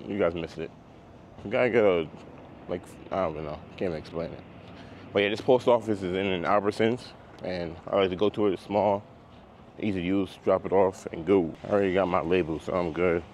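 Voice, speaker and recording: A relaxed man with a lowish voice talks in easy, slangy vlog chat from behind the wheel. The window is down, so wind and road noise run clearly under his clip-on mic. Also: brisk. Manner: laid-back, slangy talk. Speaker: car salesman and vlogger. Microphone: clip-on microphone.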